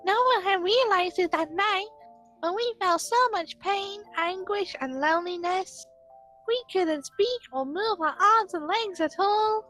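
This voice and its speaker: A woman doing a very high-voiced, sweet catgirl twin for a fan dub of a game. She reads the script gently. Little meows slip in between her lines. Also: a little slow, soft background music. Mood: tender. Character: young female catgirl twins, shy and sweet. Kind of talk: fan dub of a visual novel.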